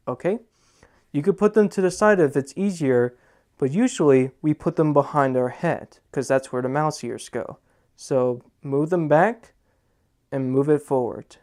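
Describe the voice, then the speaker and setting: A young man walks viewers through a dance routine one step at a time, pausing to ask "okay?" after each move. His delivery is unhurried and deliberate. His voice is smooth and clear, sitting slightly high for a man. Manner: repeats "okay?" to check in, counts out moves slowly. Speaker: dance tutorial host.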